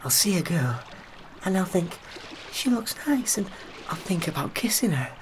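An actor playing a young man who has been drugged, frightened and grieving a lost love, his voice swinging high and low and breaking into sobs. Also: sing-song, moderate pace, slight background noise, low-quality recording. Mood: despairing. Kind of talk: audio drama acting.

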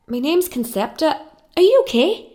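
A fussing, exasperated woman with a high, lively voice in a TV drama. Faint noise sits behind her. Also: moderate pace.

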